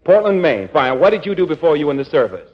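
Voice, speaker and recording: A man hosting a live radio quiz in the 1940s, trading quick playful ad-libs with contestants. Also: a little high, sing-song. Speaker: quiz master and comedian. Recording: dull lo-fi 1940s radio broadcast.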